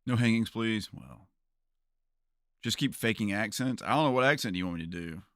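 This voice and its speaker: Streaming a video game, a Southern US-accented man rambles and laughs often while chatting loosely with viewers. His voice is on the low side but fairly bright, with lively intonation and a fairly quick pace, captured in a dry recording with clean studio sound.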